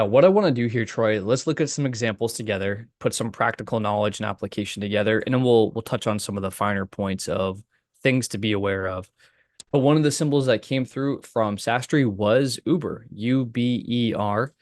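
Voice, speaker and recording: A man's voice: fairly low pitch, dry recording, clean studio sound. A man co-hosting a trading webinar, pointing out chart details step by step. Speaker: co-host walking through charts.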